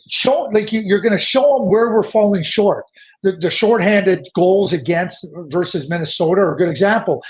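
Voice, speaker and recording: A man from Canada giving emphatic, opinionated hockey analysis as a podcast guest, often repeating words as he presses a point. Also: sits high. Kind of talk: animated opinionated podcast talk.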